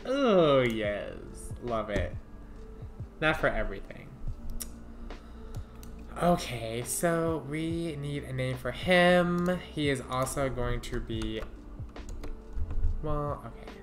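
A woman with a strikingly deep voice chats casually as she plays, thinking out loud and giggling at her own ideas. She talks at an unhurried, easy pace into a desk microphone, with faint music playing behind her. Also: expressive. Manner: muses aloud, trying out names, quick to giggle. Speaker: streamer. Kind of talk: casual gameplay commentary.

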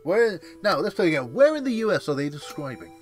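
A man's voice: a little high, big pitch swings, brisk. Joking man gaming with music behind. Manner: joking, bantering. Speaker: let's play co-commentator. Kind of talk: casual gaming chat. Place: home streaming setup. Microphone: streaming microphone.

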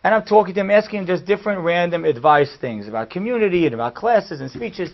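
A man, a rabbi giving a class, telling a story in an animated way that swings from hushed to loud. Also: sits high, quick pace. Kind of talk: storytelling lecture. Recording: dull lo-fi recording.

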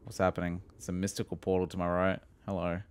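A young man giving profane, excitable let's play commentary, laughing and mocking as he plays. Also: deep voice, fast, clean tone. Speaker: gaming video host.

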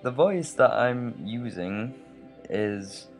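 A man's voice: mid-range voice, expressive, takes it slowly, soft background music. A man with an English accent tinged with American, rambling chattily through a gameplay commentary voiceover with many fillers and tangents. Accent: English, slightly American. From England. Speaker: let's play host.

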